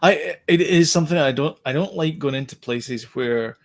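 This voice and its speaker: A man co-hosting a podcast, telling stories in an animated, mock-exasperated casual chat. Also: fairly high pitch, moderate pace. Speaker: podcast co-host.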